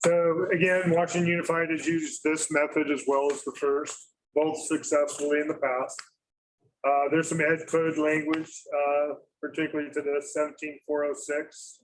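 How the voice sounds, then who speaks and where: A man presenting to a school district meeting, halting with many fillers and self-corrections. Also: a little high, little pitch movement, a little hiss or hum, low-quality recording.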